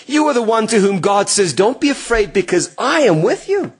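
A middle-aged male pastor preaching earnestly, swinging from emphatic lines to hushed, quiet passages. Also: sits high, sing-song, moderate pace, slightly rough. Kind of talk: sermon.

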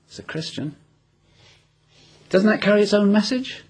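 A man preaches a sermon in a husky, slightly breathy voice. His pitch moves lively up and down as he builds each point. He keeps turning to his listeners with rhetorical questions and homely personal anecdotes. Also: moderate pace, long pauses. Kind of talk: expository sermon.

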